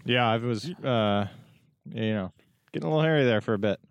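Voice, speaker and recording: A man's voice: medium pitch, a little fast, smooth, no room sound. A man co-hosting a podcast, easygoing and a little hesitant as he chats. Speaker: podcast co-host. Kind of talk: casual chat.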